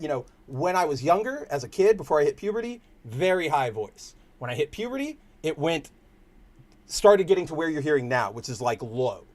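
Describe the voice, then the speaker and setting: A young man with a Californian accent, hosting a casual livestream and rambling to his chat in slangy, loose talk. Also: fairly high pitch. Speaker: stream host.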